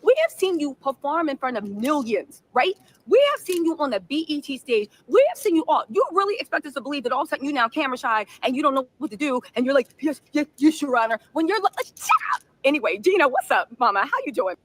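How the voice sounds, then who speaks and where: A woman hosting a live reaction stream, giving sassy, animated commentary and reading out viewer messages. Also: sits high, poor audio. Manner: sassy, fast-talking, mimics people she describes. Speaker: livestream host reacting to trial news.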